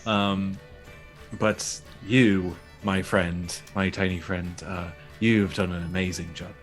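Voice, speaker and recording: A man's voice: deep voice, steady tone, takes it slowly, faint music behind. A man talking as a player in a tabletop game, hesitant and full of fillers. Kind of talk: in-character tabletop talk.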